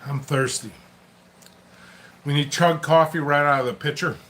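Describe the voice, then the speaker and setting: A man's voice: fairly high pitch, fairly even intonation, moderate pace, a bit bright, slight background noise. A man hosting a casual solo vlog, rambling and chatting to himself as he works in a basement. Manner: rambling, chatty, talks to himself while working. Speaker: pepper seed seller and channel host.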